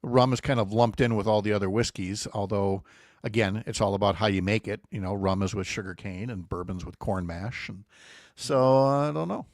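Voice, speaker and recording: A man's voice: lowish voice, moderate pace, no echo, clean studio sound. A middle-aged man hosting a morning radio show in a casual, joking way, with wry asides. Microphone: studio microphone.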